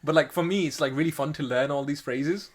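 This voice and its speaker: Speaking briskly with a fairly high pitch, this young podcast co-host keeps the chat casual, laughing often and ranting with animated disbelief.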